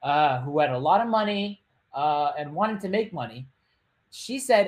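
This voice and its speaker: A male host in a relaxed, rambling storytelling monologue. He drifts through the tale with fillers and restarts. He breaks it up with wisecracks to the listener. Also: fairly high pitch. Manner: chatty, loose, with joking asides and quick put-on voices. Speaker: podcast host.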